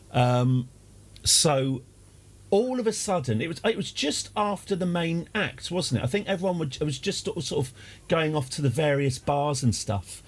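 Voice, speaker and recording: A man in his forties with an English accent, chatting casually and wryly while streaming a game live, rambling off on tangents and answering his chat. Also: on the high side. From England.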